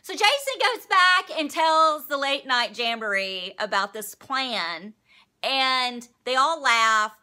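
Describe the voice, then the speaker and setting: A young woman hosts a casual vlog recapping a reality show, sounding sarcastic and exasperated and swearing freely. Her high voice is animated, pushed and bright, though she speaks at a slow pace.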